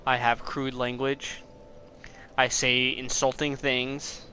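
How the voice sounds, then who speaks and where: A man's voice: medium pitch, level tone, slow pace, bright, forceful tone, slight background noise. A young man giving casual, rambling commentary as he plays a game, cursing at it now and then. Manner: rambling, swears at the game, breaks into frustrated outbursts. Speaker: gameplay commentator. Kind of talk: casual let's play commentary.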